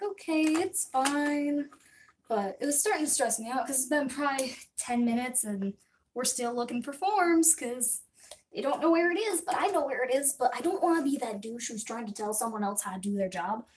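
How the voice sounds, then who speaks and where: A woman's voice: fairly high pitch, darkish tone, a little hiss or hum. A woman telling a long rambling story on a livestream, chatty and venting, with lots of fillers. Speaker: small shop owner packing orders.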